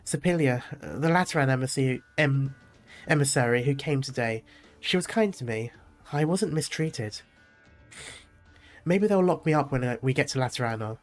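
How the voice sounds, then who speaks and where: A man's voice: mid-range voice, animated, normal speed, soft background music, close to an everyday voice. A man reading aloud the lines of a grief-stricken young winged woman from a game, in a mostly plain, lightly acted voice. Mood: anguished.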